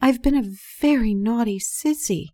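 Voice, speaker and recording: A woman voicing a timid, ashamed submissive character in a small, soft, halting voice for an erotic story reading. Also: on the high side, no echo, studio quality, pitched above the performer's own voice, lightly acted. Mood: meek.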